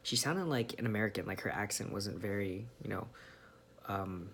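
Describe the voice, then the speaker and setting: A man's voice: lowish voice, moderate pace, gravelly, fairly bright tone, slight background noise. A young man from California, musing casually on camera with lots of ums and restarts. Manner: rambling, many ums and restarts. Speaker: vlogger. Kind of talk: casual monologue.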